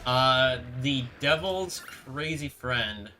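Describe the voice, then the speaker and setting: A young man with a very bright, forceful voice chats loosely on a live stream, often restarting his sentences as he answers viewers. Soft background music plays behind him. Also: medium pitch, lively intonation. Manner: rambling, halting, reads chat aloud and answers. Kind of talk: casual live-stream chat.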